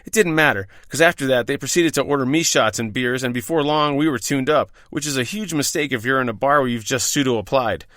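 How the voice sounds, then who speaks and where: A man's voice: mid-range voice, a little fast, hardly any pauses, fairly bright tone, no echo, studio quality. A man reading out his own bar stories, wry, profane and self-deprecating. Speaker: podcast host telling his own bartending stories. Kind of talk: scripted first-person storytelling.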